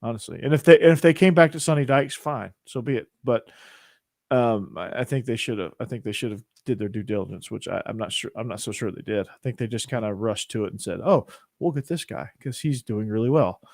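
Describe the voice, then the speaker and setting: A man's voice: lowish voice, quick pace, vocal fry, darkish tone, no room sound, clean studio sound. A young man hosting a podcast, giving opinions in a rambling, casual way. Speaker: podcast host. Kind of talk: casual chat.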